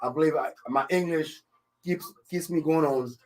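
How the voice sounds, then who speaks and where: This live radio talk show host, an African man with a French accent, speaks at a moderate pace in a voice on the high side. Chatting casually in the studio, he comes across as confident and jokey, rambling along with "you know what I'm saying" and other fillers in almost every line. A studio microphone picks him up.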